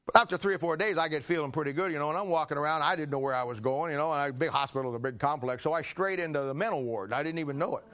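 An older man preaching a sermon, telling folksy stories and clearing his throat often. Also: a little high, racing, few pauses, fairly bright tone. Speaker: pastor. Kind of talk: sermon with personal anecdotes.

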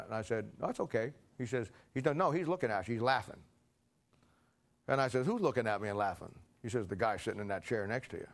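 An older man preaching a sermon, telling folksy stories and clearing his throat often. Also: mid-range voice. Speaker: pastor. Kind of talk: sermon with personal anecdotes.

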